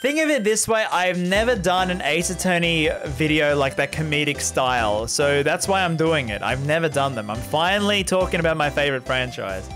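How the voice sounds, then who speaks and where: Chatty male streamer with a lively voice. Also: on the high side, normal speed, hardly any pauses, music in the background. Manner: rambling, laughs often, talks to chat. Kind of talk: casual live-stream chat while playing a visual novel.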